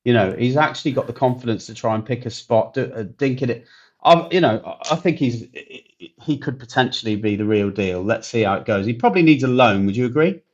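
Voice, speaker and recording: A man's voice: medium pitch, animated, brisk, lo-fi sound. A man in his forties, a guest on a casual football podcast, talking hesitantly and throwing questions to the others. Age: 40s. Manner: hesitant, conversational, asks questions.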